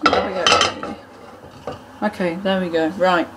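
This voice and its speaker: A woman's voice: fairly low pitch, fairly even intonation, slow pace. Chatty, self-mocking woman cooking at home. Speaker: cooking video host. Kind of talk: casual cooking demonstration. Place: home kitchen. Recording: noisy kitchen with clattering pans. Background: cutlery, pots and kitchen ambience.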